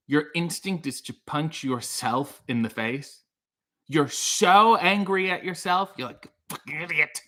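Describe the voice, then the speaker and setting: A man hosting a comic livestream, rambling in a mock-serious deadpan way and swearing. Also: fairly high pitch. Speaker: host. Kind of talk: comedic livestream monologue.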